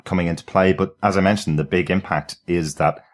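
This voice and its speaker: A man's voice: deep voice, steady tone, brisk. A man co-hosting a podcast, chatty and enthusiastic, laughing easily. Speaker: podcast co-host. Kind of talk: casual review chat.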